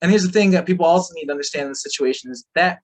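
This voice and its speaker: A man's voice: a little high, racing. A man telling a story as an interview guest, rambling, full of fillers and swearing freely. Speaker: podcast guest.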